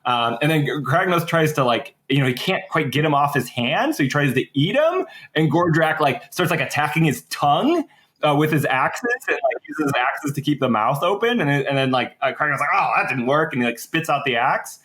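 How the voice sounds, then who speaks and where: A man's voice: on the high side, sing-song, fairly quick, fairly bright tone. A young man casually recapping a story on a podcast, rambling with lots of fillers and restarts. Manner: rambling, heavy on "like" and "uh", many restarts. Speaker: podcast co-host. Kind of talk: casual lore recap chat.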